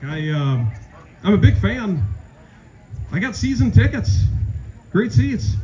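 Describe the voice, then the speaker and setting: A man's voice: high voice, very animated, takes it slowly, pauses often, warm tone, low-quality recording. A man in his forties with a Minnesotan accent doing a rambling, self-deprecating stand-up set into a close stage mic at a small-town event. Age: 40s. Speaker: stand-up comedian. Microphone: handheld stage mic, held close.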